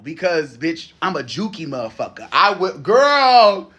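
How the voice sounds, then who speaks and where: A man giving a casual monologue as a spiritual coach, animated and sassy, swearing freely and laughing often. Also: fairly high pitch, measured pace.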